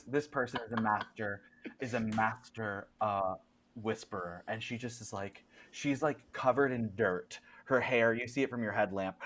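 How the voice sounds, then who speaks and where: Halting tabletop game master. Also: medium pitch, a bit bright. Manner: halting, with many fillers and restarts. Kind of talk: narrating a tabletop horror game.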